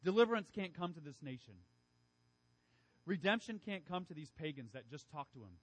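A man's voice: fairly high pitch, big pitch swings, brisk, rough recording. A man preaching a sermon with emphatic, repetitive phrasing. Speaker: pastor.

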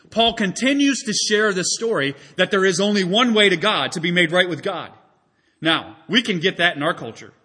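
A man delivering a sermon with a high, bright, slightly husky voice. He preaches animatedly and acts out the voices of the people in his story. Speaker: pastor.

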